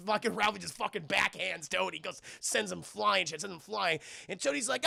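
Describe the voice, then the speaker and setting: A man recaps a film live for his chat, cursing and rambling as he goes. His voice sits high with a heavy crackly fry and a bright, forward edge. The sound is dry and close to the mic. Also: expressive, fairly quick, few pauses, dry recording. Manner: rambling, profane, addresses chat constantly. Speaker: film review streamer.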